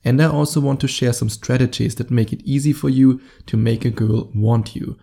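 A man's voice: medium pitch, fairly even intonation, normal speed, vocal fry, warm tone. A man with a German accent hosting his own podcast as a dating coach, talking straight to the listener in a direct, coaching way. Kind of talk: solo podcast monologue.

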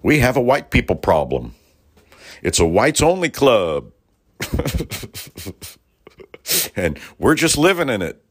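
A man's voice: medium pitch, huge pitch swings, slow pace, long pauses. A middle-aged man from Los Angeles hosting a political talk-radio show, delivering a heated, profane and emphatic rant with sarcastic asides. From Los Angeles, United States.

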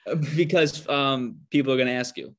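A man's voice: medium pitch, fairly quick, a bit bright. Young male co-host, casual, rambling, argumentative, trips over words. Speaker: podcast co-host. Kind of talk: casual podcast banter. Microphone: remote call mic.

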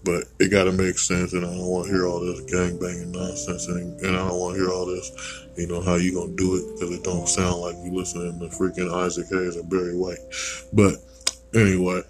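A man's voice: low-pitched, completely flat delivery, fairly quick, over music, rough recording. An American man hosting a podcast, rambling through a blunt, digressive opinion monologue with casual swearing. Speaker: podcast host.

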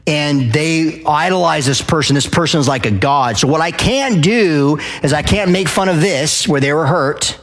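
Loud, passionate man lecturing a crowd. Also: fairly high pitch, moderate pace, few pauses, soft background music. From Arizona. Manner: addresses the crowd with frequent "okay?" and questions. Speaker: speaker at a live event. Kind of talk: lecture to a live audience.

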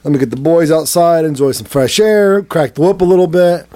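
A man's voice: a little high, a little fast. Laughing man telling a story. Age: adult, has a son. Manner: animated, laughs often, acts out quotes. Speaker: podcast co-host telling a story. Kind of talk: casual storytelling chat.

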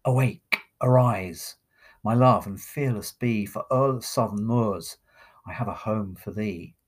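A man voicing an ardent young male lover, reciting his lines slowly as poetry. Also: lowish voice, husky. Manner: slow, impassioned verse recitation.

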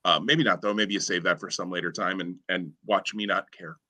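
A man's voice: low-pitched, fairly even intonation, brisk, pushed and bright. A man co-hosting a podcast in casual chat, rambling and enthusiastic with lots of fillers. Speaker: podcast co-host.

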